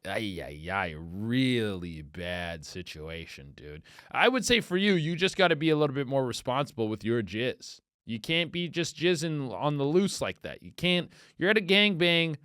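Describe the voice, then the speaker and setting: A man's voice: mid-range voice, normal speed, hardly any pauses, clear, resonant tone, no room sound, clean studio sound. A man hosting a comedy podcast, riffing crudely and acting out little quoted voices as he tells it. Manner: crude, animated storytelling with acted-out quotes. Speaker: podcast host. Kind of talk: casual comedic podcast chat.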